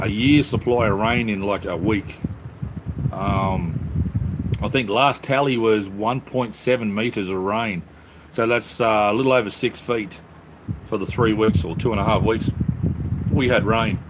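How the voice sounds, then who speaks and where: A man's voice: on the low side, background noise. Laid-back Australian man chatting live. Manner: laid-back, calls everyone mate. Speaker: livestream host. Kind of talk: casual live chat with viewers. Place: home workshop.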